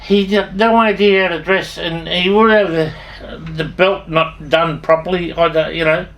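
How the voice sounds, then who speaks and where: A man's voice: fairly high pitch, steady tone, normal speed, a bit bright. An older man with an Australian accent telling rambling, salty stories from his past, swearing freely and often restarting his sentences. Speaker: storyteller. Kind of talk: rambling anecdotal storytelling.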